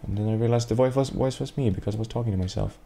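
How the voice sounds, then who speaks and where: A man's voice: fairly low pitch, rapid-fire, vocal fry, dark tone, a little hiss or hum. A man giving sarcastic, rambling gameplay commentary to himself, swearing often, at a desk microphone. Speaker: let's play gamer.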